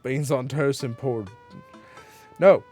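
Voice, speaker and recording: A man's voice: medium pitch, takes it slowly, mellow, soft background music. A man casually commenting on a dating game he is playing, joking around and reading the game's messages aloud. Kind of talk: casual let's-play commentary.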